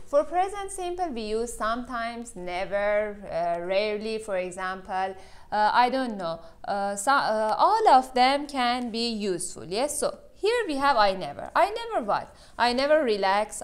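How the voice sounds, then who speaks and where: Woman teaching grammar, fairly high voice. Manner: non-native English with frequent "uh" fillers and checking "yes?". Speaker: English teacher. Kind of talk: video lesson explaining grammar.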